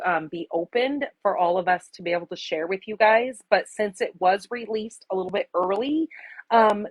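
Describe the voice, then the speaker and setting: Woman, 40s, from Arizona. Casual craft livestream host, chatty and easily moved. Mid pitch, dry close mic. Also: no echo, low-quality recording. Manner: chatty, emotional, greets viewers by name. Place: home craft room.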